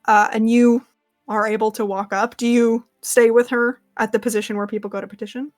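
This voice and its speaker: A woman's voice: on the high side, level tone, brisk, soft background music. Chatty young woman running a tabletop game. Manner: casual, filler-heavy, lots of "like". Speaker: game master.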